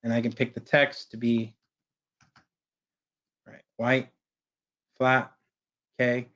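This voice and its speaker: A man presenting a webinar, walking through a software screen share in a casual way and tagging his sentences with "right?". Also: mid-range voice, flat delivery, slow pace, lo-fi sound. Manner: casual, keeps asking "right?".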